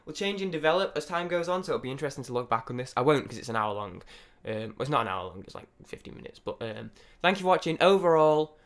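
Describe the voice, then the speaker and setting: A young man giving rambling, excitable off-the-cuff first impressions of an album, with many restarts and some swearing. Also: mid-range voice, fast, hardly any pauses. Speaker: music reviewer.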